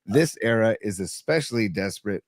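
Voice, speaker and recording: A middle-aged man co-hosting a casual sports podcast, laid-back, often trailing off quietly and chiming in with short agreements. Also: lowish voice, lively intonation, brisk, dry recording, clean studio sound. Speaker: podcast co-host.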